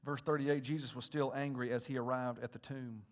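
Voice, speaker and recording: A male pastor preaching a sermon to his congregation, dropping to hushed asides and rising to loud, intense appeals while asking the room questions. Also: mid-range voice, fairly even intonation, brisk. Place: church sanctuary.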